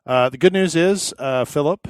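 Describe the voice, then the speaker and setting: A man co-hosting a podcast in casual chat, laid-back, with many filler pauses. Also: fairly high pitch, no echo, studio quality. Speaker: podcast co-host.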